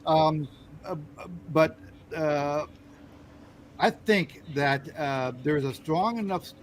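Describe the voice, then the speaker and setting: Podcast host, American man, a bit high-pitched, lots of ums and restarts, faint noise behind. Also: low-quality recording. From United States. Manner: halting, many fillers and restarts. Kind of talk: casual political chat.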